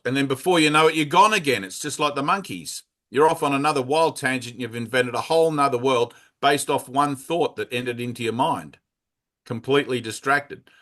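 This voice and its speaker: A man's voice: mid-range voice, a bit bright. Frank, plain-spoken male spiritual teacher. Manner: frank and conversational, mild swearing, keeps checking in with "right?". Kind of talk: informal spiritual talk to a small group.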